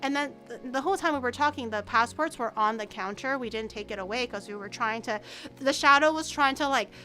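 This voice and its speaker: A woman's voice: fairly high pitch, fairly quick, bright, forceful tone. A woman streamer telling a story in casual chat, rambling and stammering, with some swearing.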